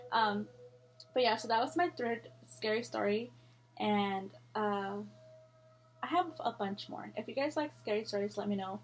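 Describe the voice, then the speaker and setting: A young woman, telling a scary story to her viewers in a rambling, animated way, swearing freely and acting out what people said. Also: medium pitch. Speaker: vlogger. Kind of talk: casual storytelling to camera.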